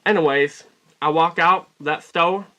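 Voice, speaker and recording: A man telling a rambling, mock-folksy comic story in a put-on Southern US drawl, deadpan and constantly correcting himself. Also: a little high, unhurried. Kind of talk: deadpan comic character monologue.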